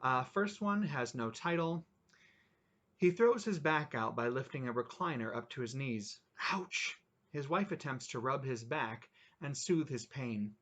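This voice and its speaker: A man's voice: mid-range voice, animated, measured pace, a bit bright. A man hosting his channel, reading his own short stories aloud with offhand asides.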